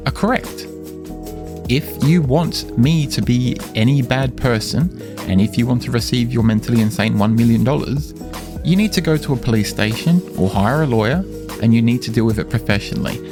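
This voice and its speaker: A man speaking insistently to camera in a monologue, repeating and slowly stressing his words. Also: medium pitch, gravelly. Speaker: vlogger addressing his stalker. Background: music.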